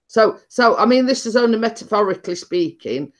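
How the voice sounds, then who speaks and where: Woman rambling thru a story, repeats herself a lot, mid pitch. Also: expressive, fairly quick. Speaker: host. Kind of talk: casual chat.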